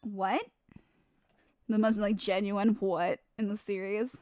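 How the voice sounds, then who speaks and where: A woman playing a video game and reading its dialogue aloud in a playful, animated way, joking and swearing at the characters. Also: mid-range voice, slow, pauses often. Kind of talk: casual let's play, reading dialogue aloud. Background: faint game music.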